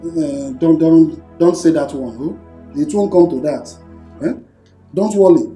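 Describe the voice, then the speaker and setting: An actor playing a protective brother with a Nigerian accent, calmly reassuring his family. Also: fairly high pitch, measured pace, faint music behind, close to an everyday voice. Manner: reassuring, soothing. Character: protective brother of a hurt woman. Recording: echoey room.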